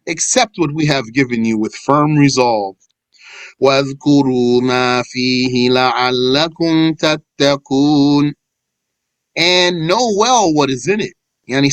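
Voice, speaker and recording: A man teaching a scripture lesson. He recites verses in Arabic, then explains them in English in a measured way. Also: fairly high pitch, no room sound, poor audio. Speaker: religious teacher.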